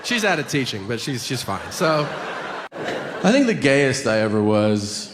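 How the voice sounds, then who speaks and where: A man performing a crude, animated stand-up routine on stage, acting out the people in his stories. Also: mid-range voice, a little slow, a loud crowd. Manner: animated, crude storytelling with acted-out quotes. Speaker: stand-up comedian. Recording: reverberant hall with ambient noise.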